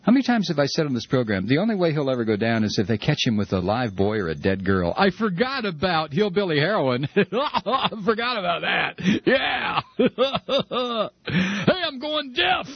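A man hosting a talk radio show, ranting sarcastically with a husky voice, over a dull, lo-fi radio broadcast. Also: fairly high pitch, very animated, fairly quick, dry recording. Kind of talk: opinionated talk radio monologue.

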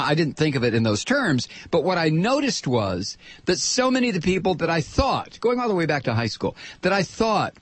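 An older man holds forth on talk radio in a combative, sarcastic monologue. His husky voice swings widely in pitch, and the studio sound is close and dry. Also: dry recording. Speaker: radio talk show host.

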